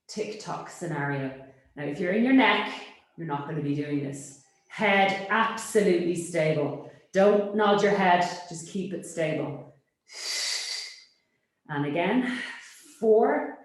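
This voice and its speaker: A woman teaching a Pilates class, giving brisk, encouraging cues and checking in with a quick "yes?". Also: fairly low pitch. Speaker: Pilates instructor. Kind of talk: cueing an exercise class. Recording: very echoey room.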